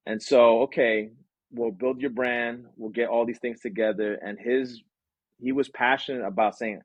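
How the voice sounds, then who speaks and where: A man answering interview questions about his business, energetic and lively, acting out quotes and sound effects. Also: medium pitch, normal speed, dry recording. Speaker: branding agency owner.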